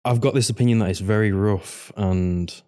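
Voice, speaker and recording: A man talks casually on a film podcast, dry and teasing, pausing with ums. His voice is lowish and mellow. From north of England, Manchester. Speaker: podcast co-host. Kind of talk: casual film-review chat.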